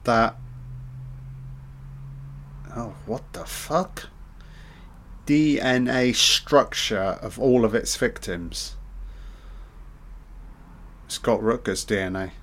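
A man's voice: fairly low pitch, slow, pauses often, fairly bright tone, a little hiss or hum. A man giving a casual audio commentary on a film, chatty, joking and swearing a lot.

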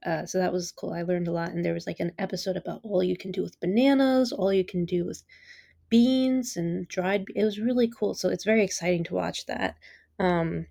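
A woman hosts her own podcast, chatting solo in a rambling, enthusiastic, easily amused way, sprinkling in lots of "like" and "you know." Her voice is on the low side, steady, fairly quick, creaky and warm, and the studio recording is dry and clean.

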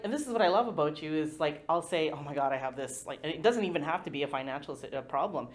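A woman's voice: low-pitched, lively intonation, brisk. A woman hosting a podcast interview, talking in a chatty, rambling way with plenty of fillers. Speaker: podcast host. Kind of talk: casual interview chat.

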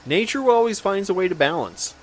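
A man co-hosting a podcast, calmly explaining and speculating in casual banter. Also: high voice, fairly quick, a little hiss or hum. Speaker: podcast co-host.

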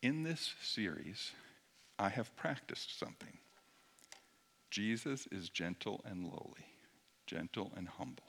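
Bright-voiced male pastor preaching. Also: lowish voice, very animated, a little slow, gravelly, pauses often. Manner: conversational, shifts between loud emphasis and hushed near-whisper. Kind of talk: sermon.

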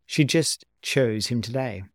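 A man's voice: medium pitch, no echo, clean studio sound, close to an everyday voice. A man reading as Morticia, a gracious gothic mother. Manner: gentle, measured and polite.

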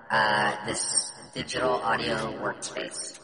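A man hosting a casual podcast over a video call, rambling through his thoughts with lots of fillers. His voice sits in a roomy, echoing space with a long tail of reverb. Clear music plays behind him. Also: mid-range voice, unhurried. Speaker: podcast host. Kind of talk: casual chat.

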